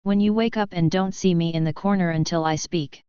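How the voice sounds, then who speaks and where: A woman reading as a cold, flat-voiced cyborg boy. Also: fairly low pitch, a little fast, clean tone, dry recording, close to an everyday voice. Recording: dull lo-fi dry.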